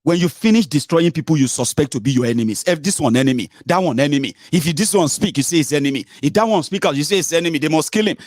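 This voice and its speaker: A man's voice: on the high side, lively intonation, fast, few pauses, darkish tone, dry recording, studio quality. A man with a Nigerian Yoruba accent, hosting a heated political commentary monologue, scolding and mocking his listeners and mixing English, Pidgin and Yoruba. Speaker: political commentator and show host.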